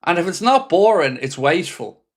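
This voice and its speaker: A man's voice: sits high, very animated, moderate pace. A man hosting a live football watchalong for fans, commentating on the match with frustration, swearing freely and reading out viewers' chat messages. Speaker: fan channel host.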